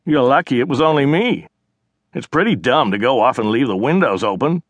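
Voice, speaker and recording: A man's voice: mid-range voice, animated, fairly quick, slightly rough, dry recording, pitched above the performer's own voice. A male narrator voicing a cocky, offhand young man who talks back to his sister in an audiobook.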